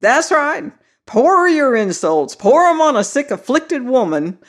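A reader voicing a boastful, touchy old man of fifty who cackles and scoffs in a shrill voice. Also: big pitch swings, a little slow, fairly bright tone, full character voice. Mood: indignant. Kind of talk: audiobook character voice.

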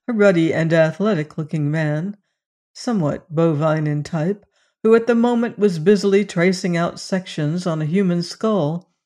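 An adult narrator giving a measured, even reading of a period novel. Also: medium pitch. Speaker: audiobook narrator.

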